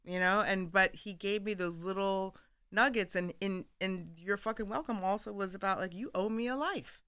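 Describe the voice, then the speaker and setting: A woman guest on a radio studio show, telling stories with animated energy and laughing often as she acts out bits of dialogue. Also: mid-range voice, normal speed, smooth, no room sound. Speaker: guest author. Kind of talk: candid storytelling in conversation.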